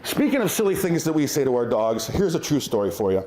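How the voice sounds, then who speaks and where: A man's voice: mid-range voice, big pitch swings, fast talker, darkish tone. A middle-aged man doing a conversational, self-mocking stand-up comedy set at a live venue. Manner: conversational, self-mocking, acts out silly voices. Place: winery venue with live audience. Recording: roomy live venue with audience laughter.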